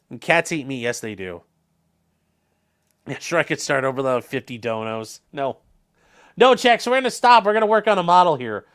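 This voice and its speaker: Speaking at a normal speed with frequent pauses, this Ohio livestream host has a medium-pitched, fairly bright voice and a very animated delivery. He reads chat and jokes loosely in a Northern Ohio accent, cursing freely and drifting into rambling tangents.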